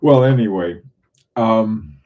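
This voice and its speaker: A man's voice: fairly low pitch, takes it slowly, highs cut off. A middle-aged man from southern New England chatting casually with viewers on a livestream, rambling with frequent restarts and chuckles. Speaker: livestream host.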